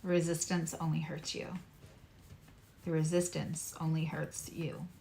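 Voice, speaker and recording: With slight background noise, a woman gives a casual tarot and astrology reading in a low, level, unhurried voice that's gravelly and warm. Raised on Long Island, she now has a neutral American accent; she hammers key points, repeats phrases, and drifts into chatty asides.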